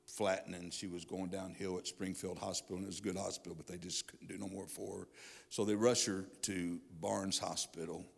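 A middle-aged male pastor giving a sermon testimony in a church, his delivery swinging from hushed to fervent. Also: sits low, gravelly. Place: church sanctuary. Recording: long hall reverb.

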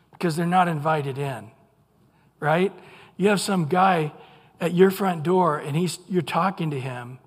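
A man teaching a sermon from scripture in a slightly husky, somewhat high voice. He talks animatedly and acts out the people he quotes. His words ring out with a long reverb, as in a large hall. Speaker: preacher.

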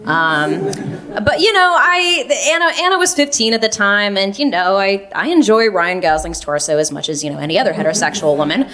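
A woman's voice: medium pitch, expressive, a little fast, crowd noise. A young woman telling a personal story, wry and self-mocking, laughing through some lines. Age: young adult.

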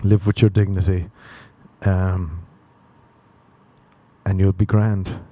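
Male podcast host, young, low mellow voice, crude rambling self-deprecating comic monologue. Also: flat delivery, slow. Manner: crude, rambling, self-mocking, laughs at own jokes. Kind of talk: solo comedic podcast rant.

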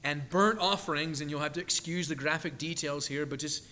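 Guy preaching a sermon, kinda high bright voice, leans hard into the big lines. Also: brisk, a little hiss or hum. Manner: earnest, emphatic, rising to dramatic quotes.

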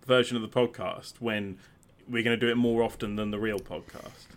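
A man's voice: lowish voice, steady tone, brisk. A man co-hosting a casual podcast, making dry, mocking quips. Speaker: podcast co-host. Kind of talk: casual chat.

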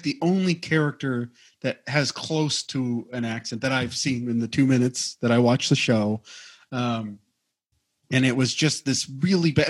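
A man co-hosting a podcast in casual chat, rambling and hesitant, with many fillers and restarts. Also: mid-range voice. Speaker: podcast co-host.

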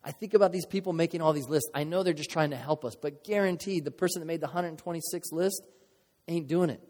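Pastor guy preaching, earnest and chatty, a bit high voice, big echoey hall. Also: quick pace, a little mellow. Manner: earnest, conversational, emotional, with playful asides. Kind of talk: sermon. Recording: long reverb of a large hall.

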